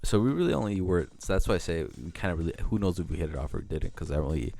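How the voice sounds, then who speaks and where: Low-voiced young man, rambling vlog chat. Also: expressive, racing, creaky, mellow, faint music behind. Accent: Mexican American. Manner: rambling, self-interrupting, swears casually. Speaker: vlogger. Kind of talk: casual rambling monologue.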